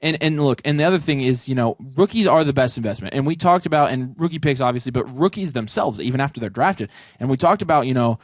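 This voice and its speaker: A man co-hosting a casual talk show, giving emphatic, rapid advice. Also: mid-range voice, lively intonation, no echo, studio quality. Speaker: podcast co-host. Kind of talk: casual chat.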